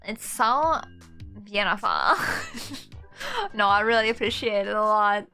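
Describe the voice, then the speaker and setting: A woman's voice: fairly high pitch, bright, forceful tone. A young woman streaming a game, chatting with her viewers, emotional and teary, laughing often. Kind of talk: casual live game stream chat. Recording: music playing behind the voice.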